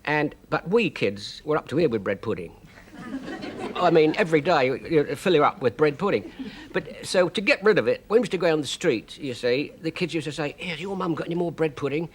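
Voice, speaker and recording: A man's voice: on the high side, animated, a little fast, slight background noise. A man telling a childhood story on a chat show, chatty and full of little fillers. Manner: chatty, lots of "you see", hesitant fillers. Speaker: guest storyteller.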